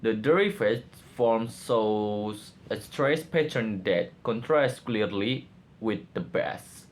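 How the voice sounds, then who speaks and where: A man reading out lecture slides for a class project in a slow, careful way, sometimes halting and restarting words. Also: lowish voice, lively intonation. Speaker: student presenter.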